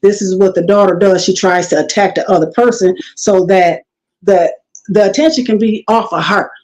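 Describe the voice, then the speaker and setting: A woman's voice: medium pitch, fairly even intonation, normal speed, darkish tone, poor audio. A middle-aged woman guest telling stories in a casual talk, acting out the people she quotes and laughing often. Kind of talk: casual storytelling interview.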